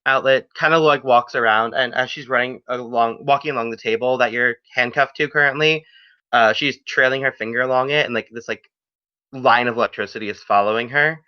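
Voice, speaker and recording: A man's voice: mid-range voice, fairly quick, clean tone. A man narrating a tabletop game as game master, in a casual, rambling storytelling way, on a dull lo-fi recording. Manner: lively, casual storytelling with fillers.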